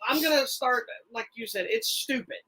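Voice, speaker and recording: A middle-aged man co-hosting a podcast, telling stories in a rambling, animated way with frequent restarts. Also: very high-pitched, moderate pace, slightly rough, low-quality recording. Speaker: podcast co-host. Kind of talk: casual chat.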